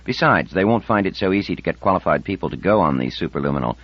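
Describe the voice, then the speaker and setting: In this dull, dry audiobook recording without echo, a man with a deep, husky voice talks fast and animatedly. He's playing a determined, confident, persuasive woman scientist who is over fifty.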